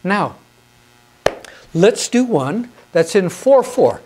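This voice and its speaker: A man leads a hymn conducting lesson in a slow, unhurried voice. He is patient and encouraging, counts the beats out loud, and asks his viewers questions before he answers them himself. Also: sits high, very animated, slight background noise. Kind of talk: instructional how-to video.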